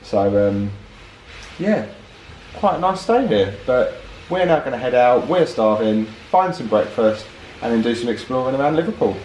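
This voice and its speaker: A man's voice: medium pitch, sing-song, moderate pace, darkish tone, echoey room, a little hiss or hum. A man chatting casually to camera as he tours and narrates a travel vlog. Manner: chatty and informal, touring to camera. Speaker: travel vlogger.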